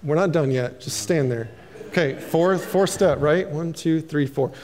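High-voiced pastor preaching in a hall. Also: male voice, a little slow. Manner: animated, preachy, calls for amens. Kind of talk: sermon.

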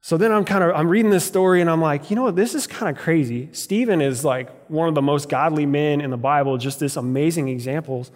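Brief: male pastor, slightly high voice, chatty storytelling sermon, long hall reverb. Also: brisk, few pauses. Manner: conversational storytelling preacher. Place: church sanctuary.

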